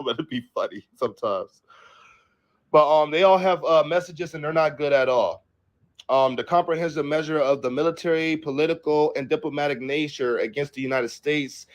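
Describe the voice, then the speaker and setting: A man's voice: a little high, normal speed. A young man hosting a political livestream, casually cursing and rambling as he reads headlines aloud and riffs on them. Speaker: livestream host.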